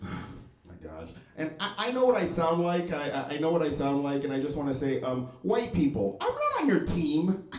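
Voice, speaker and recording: A man doing a stand-up set in a comedy club, deadpan and wry, with very crisp, proper diction. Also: a little high, moderate pace, few pauses. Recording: echoey club room.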